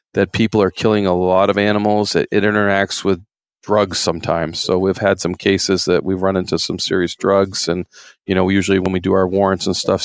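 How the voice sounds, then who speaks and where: In a casual storytelling interview, a middle-aged retired game warden with a deep voice tells folksy, rambling stories, raising his voice to act out quotes. There is no room sound.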